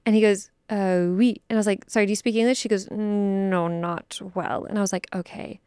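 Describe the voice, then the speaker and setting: Chatty woman with a very smooth voice. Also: mid-range voice, fairly even intonation, brisk, mellow, dry recording, studio quality. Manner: chatty storyteller, acts out quotes, many "like" fillers. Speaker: podcast co-host. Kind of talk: casual chat.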